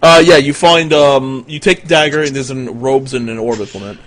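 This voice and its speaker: A young man running a tabletop game as game master over voice chat, relaxed and quick to laugh. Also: medium pitch. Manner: relaxed, laughs easily, swears casually.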